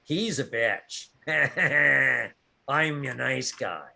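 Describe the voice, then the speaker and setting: A man's voice: mid-range voice, expressive, drawn-out words, creaky, sharp tone, full character voice. A man voicing a short, stocky, greedy male bogan who oversees contracts, talking in a coarse, wheedling way.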